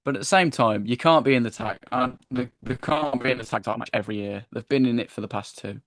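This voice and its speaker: A man co-hosting a casual wrestling review podcast, chatty and animated as he retells the show. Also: medium pitch, fast talker, no echo, studio quality. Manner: chatty, animated when acting out wrestlers, frequent "I was like". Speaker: podcast co-host.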